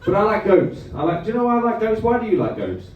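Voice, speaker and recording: On a comedy club stage in front of a live crowd, a very animated man with a high-sitting voice does his stand-up set, chatting with the audience and firing off quick asides between jokes. Speaking into a handheld stage mic, he's captured in a lo-fi, far-off, echoey club recording with noise.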